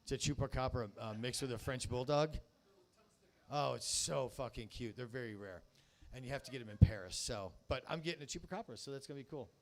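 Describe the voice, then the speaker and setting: A man doing a rambling stand-up comedy set on a handheld mic in a live venue, telling absurd stories with a deadpan, profane delivery. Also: medium pitch, brisk, rough recording. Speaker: stand-up comedian and show host. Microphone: handheld stage mic.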